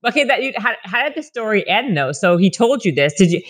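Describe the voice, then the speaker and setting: A woman hosting a podcast chats playfully with her guest. Her pitch moves a lot, and her tone stays upbeat and teasing. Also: very animated, fast talker. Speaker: podcast host. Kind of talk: casual interview chat.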